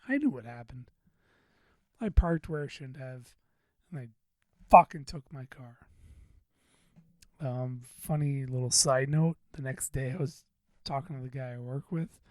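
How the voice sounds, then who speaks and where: A man's voice: mid-range voice, a bit bright, no room sound. A man hosting a podcast, telling a story in a rambling, profane, self-deprecating way. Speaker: podcast host. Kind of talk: casual venting monologue.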